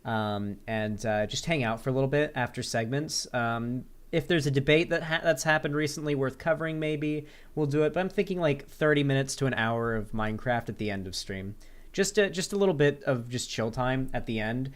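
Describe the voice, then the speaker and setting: A man streams and talks straight to his chat in loose, rambling sentences. He is sarcastic and swears freely. His voice sits at an ordinary middle pitch for a man. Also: fairly quick. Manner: answers viewer chat questions aloud. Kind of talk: casual livestream chat.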